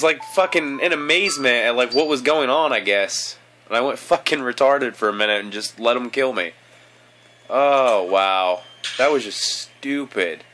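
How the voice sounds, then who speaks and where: A young Kentucky man with a Kentucky accent hosts a let's play, giving profane, sarcastic gaming commentary that swings between mutters and outbursts. His mid-range voice is bright and forceful at a measured pace, with slight background noise.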